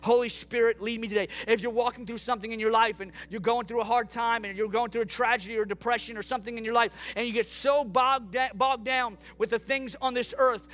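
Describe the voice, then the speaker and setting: High-voiced man preaching with passion. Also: a bit bright. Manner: impassioned, repeats phrases for emphasis. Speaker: pastor. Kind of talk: sermon. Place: church room before congregation.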